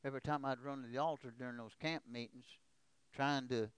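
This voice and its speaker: Man, preacher, testimony sermon, resonant voice, dry close sound, storytelling that rises to shouting. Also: mid-range voice, steady tone, brisk, clean tone, dry recording. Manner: storytelling that builds to shouted exhortation.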